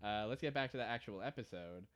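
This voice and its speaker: A man's voice: on the low side, quick pace, smooth, no echo, clean studio sound. A man co-hosting a casual podcast, talking through a TV episode and slipping into silly voices as he retells scenes. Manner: animated, slips into exaggerated character voices while retelling. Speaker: podcast co-host. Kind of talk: casual chat recapping a TV episode.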